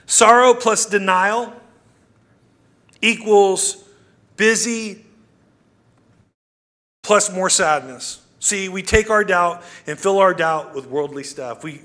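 A man preaches in a chatty way, throwing rhetorical questions at his congregation. His voice sits high and sounds bright and forceful. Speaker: pastor. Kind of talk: sermon.

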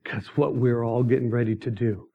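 A middle-aged man telling his mission testimony as a sermon, emphatic and storytelling, breaking into sudden loud outbursts. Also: medium pitch, steady tone, normal speed, creaky, lo-fi sound.

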